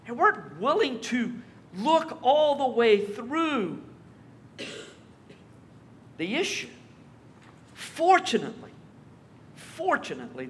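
Man preaching A pastor works through scripture in a high, bright-pitched voice. He keeps it conversational, dropping wry asides between verses. A faint hum sits under the recording. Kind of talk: expository sermon.

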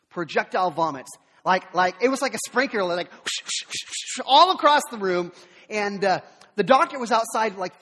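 A man in his thirties preaching a sermon, telling family stories with animated delivery and acting out the voices. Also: high-pitched. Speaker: pastor. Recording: reverberant hall.

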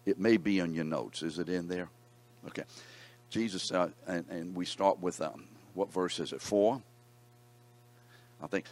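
A man's voice: low voice, measured pace, pauses often, darkish tone. A man teaching a Bible class, reading scripture aloud and putting questions to his students in a conversational way.

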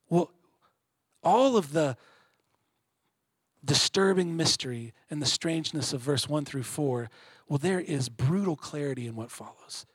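Brief: male pastor preaching, high husky tone, builds to loud emphasis then eases off, dry close recording. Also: no echo. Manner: earnest preaching, swells louder on key points then drops quiet. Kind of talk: sermon.

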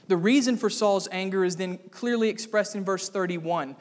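A man preaching an expository sermon as pastor, emphatic, with sudden dramatic rises in pitch and volume. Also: moderate pace, hardly any pauses. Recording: long hall reverb.

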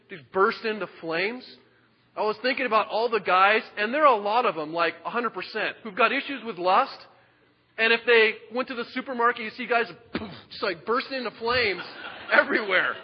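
Man, pastor, lively sermon, slightly high voice, long echo, muffled lo-fi sound. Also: normal speed, slightly rough. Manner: animated, joking, swings from loud to hushed. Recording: dull lo-fi sound with long reverb.

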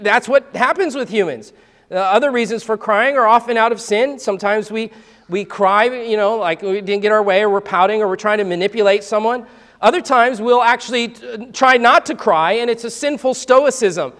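Animated man preaching in a reverberant hall. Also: extremely high pitch. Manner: animated, conversational preaching with asides and rhetorical questions. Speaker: pastor. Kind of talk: sermon.

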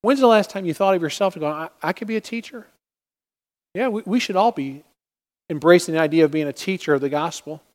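A man's voice: fairly high pitch, fast talker, long reverb tail. A man preaching a sermon, earnest, often acting out prayers and inner thoughts as he teaches. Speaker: pastor.

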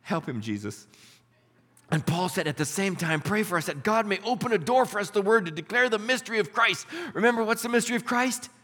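Animated, high-voiced male preacher in a hall. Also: quick pace, hardly any pauses. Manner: animated, voices characters in stories. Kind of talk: sermon storytelling. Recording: reverberant hall.

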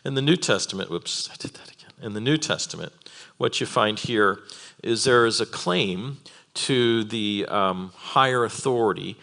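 A man teaching a Bible conference session, earnest and building from quiet reflection to fervent emphasis. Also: fairly low pitch, normal speed, gravelly.

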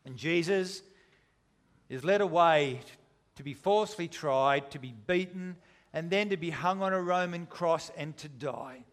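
A man's voice: fairly high pitch, a little slow. A man preaching a sermon, retelling a story with dramatic, shifting intensity. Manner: dramatic, shifting between loud and hushed.

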